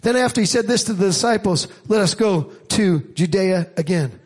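A man preaching a sermon as a church pastor, moving from quiet reflection to shouted, rising passages. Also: high-pitched, lively intonation, moderate pace.

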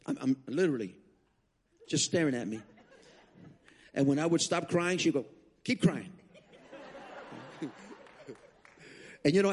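A man's voice: fairly high pitch, husky. Man preaching, storytelling with restarts. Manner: animated storytelling with frequent restarts. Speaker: guest preacher. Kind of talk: sermon testimony.

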